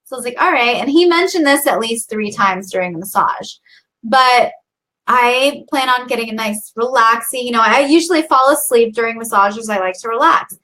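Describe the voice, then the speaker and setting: A woman's voice: on the high side, normal speed, sharp tone. A woman co-hosting a podcast, telling a story in casual chat, full of likes and you knows. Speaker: podcast co-host.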